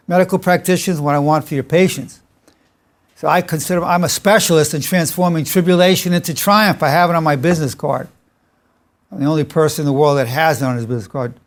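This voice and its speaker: An older man, a psychologist, giving an informal lecture and telling personal anecdotes in a chatty, self-amused way. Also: fairly high pitch. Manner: chatty storyteller, amused by his own stories.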